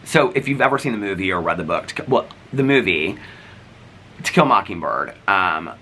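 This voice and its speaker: A man's voice: deep voice, lively intonation, a little fast, pushed and bright, a little hiss or hum, rough recording. A man vlogging in casual chat, rambling as he retells stories and acts out what people said. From United States. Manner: rambling, retells scenes acting out each line.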